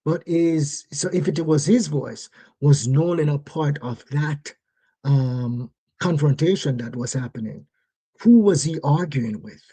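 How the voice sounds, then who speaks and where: A livestream commentator speaking casually and rhetorically, often checking in with "right?" and slowing down to stress key words. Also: mid-range voice, dark tone, breathy edge. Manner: rhetorical, repeatedly asks "right?" and "yes?".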